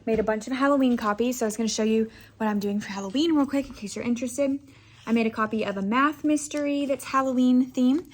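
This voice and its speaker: Here a young female teacher chats about her school day in a casual day-in-the-life vlog, rambling and peppering her talk with "like" and "anyways." She speaks quickly in a slightly high voice.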